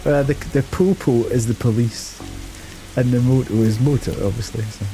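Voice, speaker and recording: A man's voice: medium pitch, moderate pace, dark tone, soft background music. A man streaming a first game playthrough live, chatty and self-mocking, laughing at his own voices.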